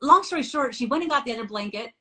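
A woman's voice: fairly high pitch, lively intonation, quick pace, pushed and bright, rough recording. A middle-aged woman hosting a scripture study discussion. She talks in an earnest way, reads passages aloud and tells family anecdotes. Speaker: host.

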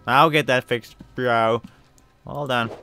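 A man's voice: medium pitch, steady tone, takes it slowly, pushed and bright. A man giving casual, chatty commentary while playing a video game, muttering his reactions. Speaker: gameplay streamer. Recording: faint game music behind.

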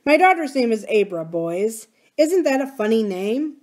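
A man's voice: extremely high pitch, sing-song, normal speed, pitched above the performer's own voice. A woman voicing a pompous middle-aged male county supervisor, talking down in a sing-song way.

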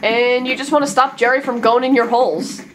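Woman game reviewer: sarcastic, exasperated commentary, fairly high voice, game music behind. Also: steady tone, fairly quick. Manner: exasperated, sarcastic, laughing in disbelief. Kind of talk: casual commentary over gameplay.

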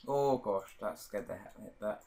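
A man's voice: lowish voice, unhurried, dark tone. A man chatting casually while playing a game, easily startled and shrieking at monsters. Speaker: gamer co-host. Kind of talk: casual let's-play chat.

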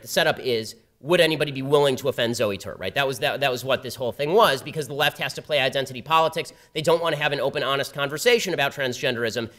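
A man giving a public talk at a campus event, telling a story in a rapid, sardonic way. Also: mid-range voice, fairly bright tone. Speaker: guest speaker at a campus event. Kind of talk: public talk with a told anecdote. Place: university event before a live audience.

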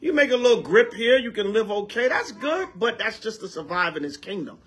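An elderly man preaches casually and with animation to his congregation, trading call-and-response with them and repeating lines for emphasis. His voice sits high, runs a little fast, and has a breathy edge.

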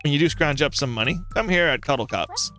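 A man putting on a peppy barista with a raised, bright voice, full of service-counter patter. The voice sits well above his usual pitch. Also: sing-song, brisk, soft background music. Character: upbeat male bean juice barista. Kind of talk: reading game dialogue aloud.

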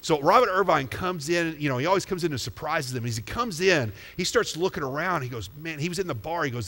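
Man, pastor, conversational sermon, questions to the crowd, slightly high voice, long church reverb. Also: expressive, fast, hardly any pauses, bright, forceful tone. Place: church sanctuary.

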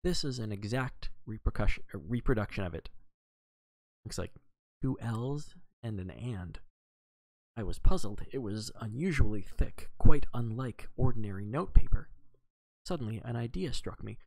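A man reading a novel aloud on a live stream in an expressive way, with occasional slips and self-corrections. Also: lowish voice, moderate pace, vocal fry, dry recording, low-quality recording. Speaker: reader.

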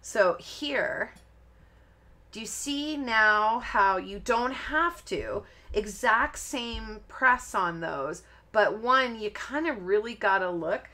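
Bright, forceful and animated, this medium-pitched woman's voice moves at a slow pace. She runs a live-streamed card-making demo, rambling casually while crafting, breaking off partway through sentences and chuckling at her mistakes.

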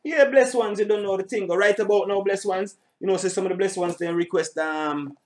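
A man's voice: high voice, brisk, a little mellow. Chatty man with lilt. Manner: rambling, repeats words, laughs and swears casually. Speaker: reaction channel host. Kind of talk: casual reaction commentary.

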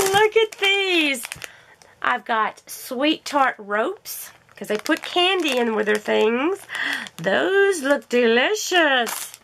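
Woman, high and lively, gushing unboxing vlogger, unhurried delivery, faint hiss behind. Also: gravelly. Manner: gushing, gasping with delight. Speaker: crafting vlogger. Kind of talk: unboxing haul vlog.

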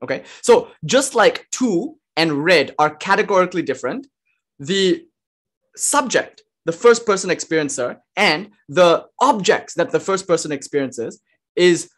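A man lecturing on philosophy in a passionate, conversational way, full of rhetorical questions. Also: high voice. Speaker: lecturer on non-dual philosophy.

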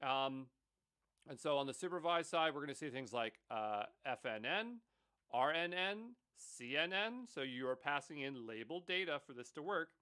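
A man's voice: fairly high pitch, expressive, normal speed, bright, forceful tone. A man teaching an online course, explaining slides casually and thinking aloud with fillers and asides. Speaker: course instructor. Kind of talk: casual lecture over slides.

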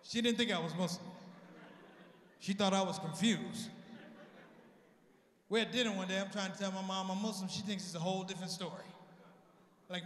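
High-voiced comedian in an echoey hall. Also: male voice, normal speed, pauses often. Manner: animated storytelling, acting out family. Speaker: stand-up comedian. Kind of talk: stand-up comedy set. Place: convention hall stage.

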